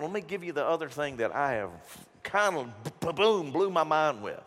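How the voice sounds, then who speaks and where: A man's voice: very animated, fairly quick, fairly bright tone. A male pastor preaching a sermon in a folksy, emphatic style, talking straight to his congregation. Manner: folksy, emphatic preaching with big swings in pitch and volume. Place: church sanctuary. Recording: long hall reverb.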